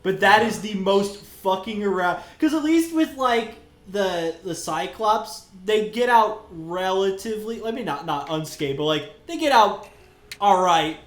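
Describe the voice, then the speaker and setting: A man co-hosting a podcast, talking excitedly about a film, swearing and laughing as he goes. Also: high-pitched, a little slow, hardly any pauses, echoey room. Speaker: podcast co-host. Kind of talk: casual film discussion.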